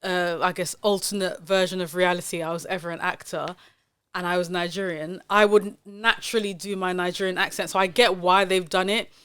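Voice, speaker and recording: A woman's voice: fairly low pitch, level tone, a little fast, a bit bright, clean tone. A woman hosting a casual podcast chat, talking in an opinionated, emphatic way, with plenty of fillers. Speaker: podcast host.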